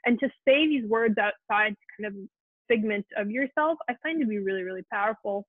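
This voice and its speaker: A woman talks gently and earnestly to an online support group, often restarting her sentences as she reaches for the right words. Her voice sits in an ordinary middle range. It comes through a narrow, phone-like line that is very dry, with no room sound. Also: medium pitch, brisk, dry recording. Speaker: host of a support Q&A. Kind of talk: casual heartfelt talk to an online group.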